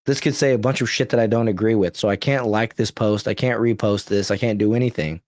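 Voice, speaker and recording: A podcast host from the United States talks fast in a lowish, darkish voice with fairly even intonation. On his political livestream he rambles bluntly, reading posts aloud with offhand asides, and the sound is clean studio audio with no room sound.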